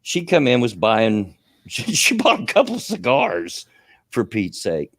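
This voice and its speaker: A man's voice: fairly low pitch, wildly swooping pitch, a little slow, no echo, studio quality. Rambling chuckling male radio host. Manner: rambling, chuckles often, lots of fillers. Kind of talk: casual storytelling.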